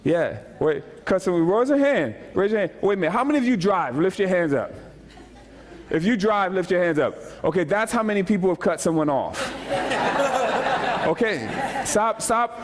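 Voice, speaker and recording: A male pastor delivers a casual, humorous sermon in a church. His voice sits high for a man, and he talks in quick bursts, repeating phrases and calling out to the congregation. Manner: animated, jokey, repeats phrases, speaks to the congregation. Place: church sanctuary.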